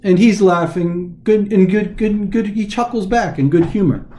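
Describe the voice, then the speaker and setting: Guy tutoring test prep, chatty and informal, mellow fairly high voice. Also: normal speed, slight background noise. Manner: informal, chatty, dramatizes the text. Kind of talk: casual recorded lesson.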